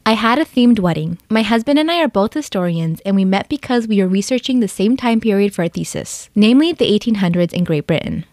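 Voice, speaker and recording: A woman narrating an online story aloud in a brisk, steady reading voice. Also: mid-range voice, no room sound, studio quality.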